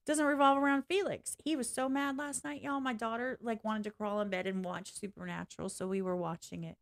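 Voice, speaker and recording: On a livestream, a woman rants to her viewers casually and candidly, swearing freely, being blunt, and laughing as she goes. Her pitch is fairly high, her tone steady, and she talks briskly.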